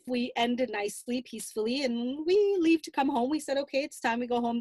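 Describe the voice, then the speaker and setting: A woman's voice: on the high side, a little mellow, no room sound. A middle-aged mother recounting an emotional family story, replaying her own past dialogue at length. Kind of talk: personal storytelling.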